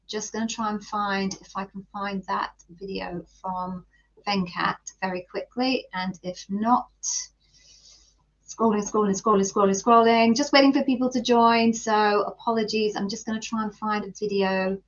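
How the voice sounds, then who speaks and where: A woman's voice: medium pitch, fairly bright tone, lo-fi sound. A woman interview coach hosting a live stream, chatting and greeting viewers by name with a self-deprecating manner.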